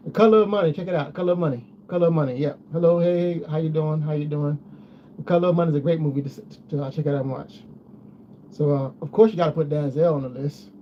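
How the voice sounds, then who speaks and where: A man chatting casually to his viewers, rambling and repeating himself as he goes. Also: on the high side. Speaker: vlogger. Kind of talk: casual chat. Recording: dull lo-fi sound with faint noise.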